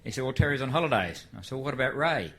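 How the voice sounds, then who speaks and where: A man's voice: medium pitch, expressive, racing. An older Australian man telling a live story to an audience in a folksy, easygoing way. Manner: folksy, shifts into a frantic shouted race call. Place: live venue before an audience.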